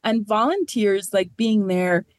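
A woman's voice: mid-range voice, expressive, slow pace, no echo. A woman program manager for a nonprofit, talking through her work in a podcast interview, earnest and thoughtful, with many "like" and "you know" fillers.

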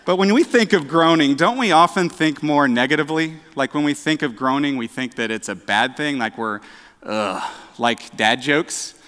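A man preaching a casual sermon, chatty and self-deprecating, with halting restarts and dad jokes. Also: on the high side, a bit bright. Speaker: director of outreach, preaching. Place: church sanctuary. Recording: echoey church hall.

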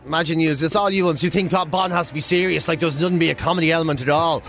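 An Irish man co-hosts breakfast radio, arguing in mock outrage and telling lively anecdotes. His voice sits notably high for a man. Faint music plays behind him. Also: fast. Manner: mock-outraged, animated storyteller. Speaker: radio host.

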